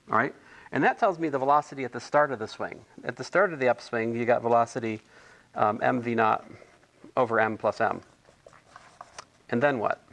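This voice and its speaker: A man's voice: mid-range voice, fairly bright tone. A man tutoring physics homework in a casual, thinking-aloud way, correcting himself and adding chatty asides.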